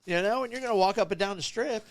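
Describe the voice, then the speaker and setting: A man co-hosting a casual live beer show, telling joking tall tales with a deadpan delivery. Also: high-pitched, fast, gravelly, dry recording, studio quality. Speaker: podcast co-host. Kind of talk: casual live-stream chat.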